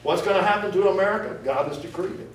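A man's voice: high-pitched, fast. A man preaching a sermon, teaching verse by verse and explaining word meanings to his congregation. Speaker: pastor. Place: church sanctuary. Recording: echoey room, voice from far off.

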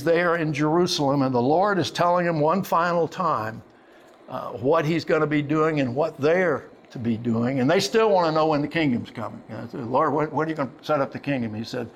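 Older male preacher, gravelly voice, folksy storyteller, faint hiss behind. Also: mid-range voice. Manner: storytelling preacher, folksy asides, slow emphatic quotes. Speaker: pastor. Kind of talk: sermon.

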